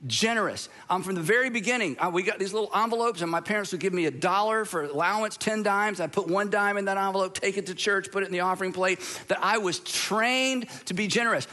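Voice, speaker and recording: A man's voice: high-pitched, a little fast, hardly any pauses, pushed and bright. A middle-aged man, a pastor preaching a sermon in a conversational, storytelling way with asides. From Southern United States.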